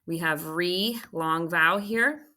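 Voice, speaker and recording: Woman teacher with a low, bright, forceful voice who explains patiently and checks in often. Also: takes it slowly. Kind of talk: recorded phonics lesson walkthrough.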